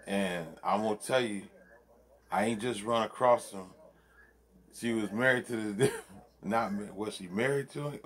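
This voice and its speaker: A man's voice: on the low side, normal speed, long pauses, a little hiss or hum. A man vlogging from his home man cave, chatting loosely and profanely and laughing often as he rambles. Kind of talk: casual rambling commentary.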